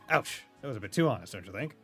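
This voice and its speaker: A man's voice: fairly low pitch, animated, quick pace, husky, soft background music. A man voicing a forgetful, eccentric rich old man who rambles theatrically.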